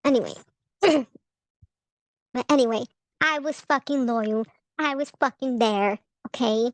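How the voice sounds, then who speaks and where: A woman's voice: a little high, a little slow, dry recording, rough recording. A young woman giving a casual, profane tarot reading, blunt and rambling, often laughing and restarting her sentences. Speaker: tarot vlogger.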